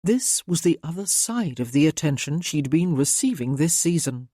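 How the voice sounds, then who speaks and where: A woman narrating a romance audiobook in a calm, measured way. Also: deep voice, husky, dry recording, studio quality.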